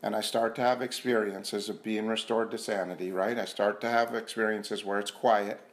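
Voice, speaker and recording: A man giving an earnest, self-mocking personal testimony at a recovery meeting, repeating himself and sometimes dropping to a hushed voice. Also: lowish voice, steady tone, normal speed. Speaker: speaker sharing at a recovery meeting. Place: meeting room.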